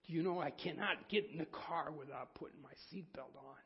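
A man preaching a folksy, self-deprecating sermon, with halting restarts. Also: fairly high pitch, husky. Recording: dull sound, long hall reverb.

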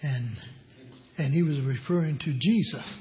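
An older man preaching a sermon as pastor, slow and emphatic, repeating his key lines. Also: on the high side, faint music behind. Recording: dull lo-fi audio.

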